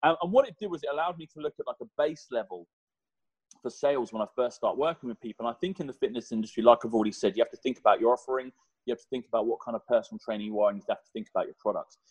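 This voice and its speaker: A man's voice: mid-range voice, racing, breathy edge, no echo, poor audio. A man, a personal trainer in his thirties, chatting animatedly as a podcast guest. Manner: animated, chatty, swears mildly. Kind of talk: podcast conversation.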